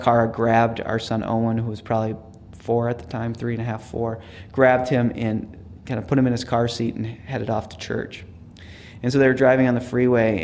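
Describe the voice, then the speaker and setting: A man, a theology professor, giving a reflective teaching talk with personal stories, earnest and dropping to a hush for quoted words. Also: mid-range voice, vocal fry, a little hiss or hum.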